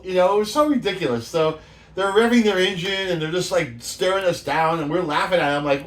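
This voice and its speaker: A man's voice: a little high, moderate pace. A man in his fifties from the San Francisco Bay Area, hosting a show and telling loose, profane stories with plenty of laughs. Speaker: show host. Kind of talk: casual storytelling monologue.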